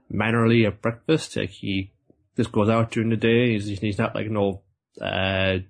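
Husky man in casual recap chat. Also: medium pitch. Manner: rambling retelling with quick put-on voices and laughs. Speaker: podcast co-host recapping an anime.

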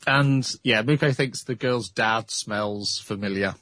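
A man's voice: fairly low pitch, a little slow, fairly bright tone, dry recording. A man hosting a casual podcast, recapping an anime episode with frequent laughs. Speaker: podcast host.

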